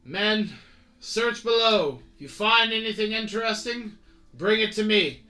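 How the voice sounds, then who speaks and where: Male GM voicing a commanding naval captain, pitched up high, barking orders. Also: measured pace. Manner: loud formal commands.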